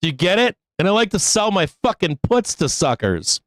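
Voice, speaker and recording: Male live-stream market host, profane and pleading, raised pitch, dead-dry sound. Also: big pitch swings, moderate pace, fairly bright tone, no room sound. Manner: exasperated, profane, pleading with viewers, laughs often. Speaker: stock trading show host. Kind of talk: live trading show rant.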